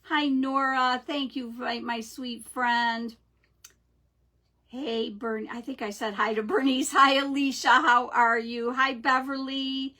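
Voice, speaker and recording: Woman, middle-aged, craft stream host, slow chatty talk, bright voice, greets viewers by name, webcam mic. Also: sits high, fairly even intonation. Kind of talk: casual live-stream chat.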